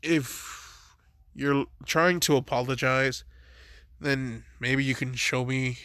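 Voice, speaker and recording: A man voicing a calm, kind teenage boy who speaks casually and unbothered. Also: medium pitch, takes it slowly, clean tone, no echo, clean studio sound.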